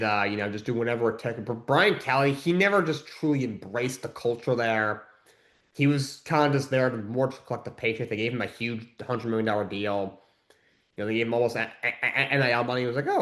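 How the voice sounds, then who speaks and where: Male sports podcast host, mid-pitched, casual and rambling, blunt takes, lots of "uh" and "you know". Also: a bit bright. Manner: rambling, with many fillers and restarts; blunt and opinionated. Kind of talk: casual sports recap talk.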